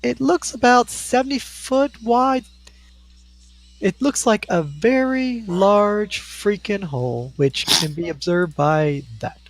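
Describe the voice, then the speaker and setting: A man's voice: high-pitched, slow pace. A man narrating a tabletop game as game master in an easygoing, descriptive way.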